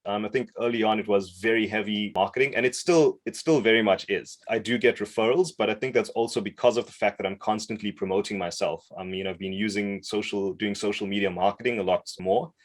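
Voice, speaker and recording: A man from South Africa, a voice-over coach, tells his career story in a podcast interview with animated enthusiasm and frequent laughter. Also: lowish voice. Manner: animated and enthusiastic, quick bursts, laughs often.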